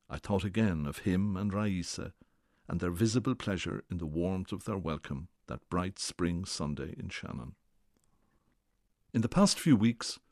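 A man with a very low voice reads a personal radio essay at a measured, storytelling pace. The studio sound is dry and close. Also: a little mellow, no room sound. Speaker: essayist reading a radio piece.

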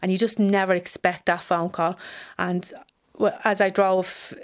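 A middle-aged Irish woman, a bereaved mother, giving halting personal testimony that repeats phrases as she relives a hard day. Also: lowish voice, flat delivery.

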